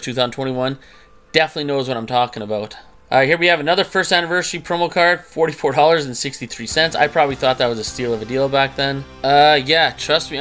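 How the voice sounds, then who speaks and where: A man's voice: a little high, fairly bright tone. A man casually commenting on his own past card purchases in a chatty, incredulous way, often laughing at himself. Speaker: trading card collector and channel host. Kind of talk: casual commentary over a screen recording.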